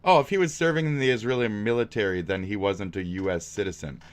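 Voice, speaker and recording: A man streaming reactions, combative and sarcastic, swearing and swinging from shouts to mutters. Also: on the low side, fast talker. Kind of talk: profane reaction stream commentary.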